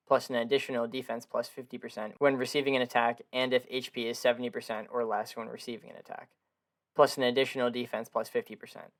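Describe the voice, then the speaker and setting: A hoarse young man with a slight gravel in his voice from being sick, reading out long game card stats flatly, then slipping into slangy offhand comments. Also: medium pitch. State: hoarse from illness. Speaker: gaming video creator. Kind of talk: reading game stat text with casual asides.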